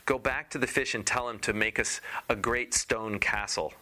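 A man's voice: medium pitch, steady tone, moderate pace, pushed and bright. A man putting on a greedy, bossy fisherman's wife. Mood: demanding. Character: greedy, demanding fisherman's wife, never satisfied.

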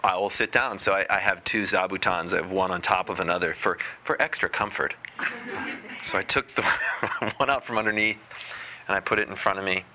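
A man giving a spiritual talk as a meditation teacher, unhurried and deliberate with a gently playful touch. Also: low-pitched, background noise.

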